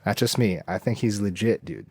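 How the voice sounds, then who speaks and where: A man's voice: lowish voice, moderate pace, vocal fry, husky, no echo. A man from Southern California in casual podcast chat, laid-back and enthusiastic, calling people dude and bro.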